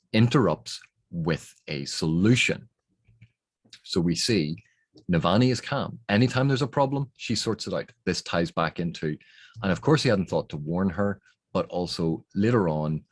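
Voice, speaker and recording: A man's voice: sits low, no echo. A man explaining editing techniques on a novel's text, thinking aloud in a methodical way. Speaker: book reviewer.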